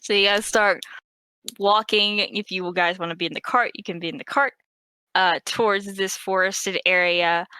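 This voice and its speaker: Woman dm narrating casually, clear bright tone, dry close sound. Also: mid-range voice, fairly even intonation, normal speed, no room sound, poor audio. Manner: laughing, casual, voices townsfolk. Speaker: game master. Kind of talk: narrating a tabletop game.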